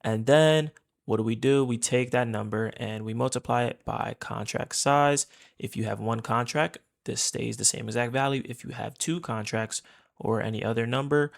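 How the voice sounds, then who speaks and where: A man's voice: medium pitch, normal speed, gravelly. A man teaching as a trading instructor in a casual screen-share tutorial, chatty and repeating his points while calling his viewers guys.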